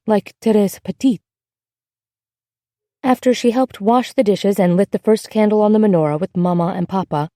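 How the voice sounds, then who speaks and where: Mellow-voiced woman narrating an audiobook. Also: medium pitch, no echo, clean studio sound. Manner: measured and gentle.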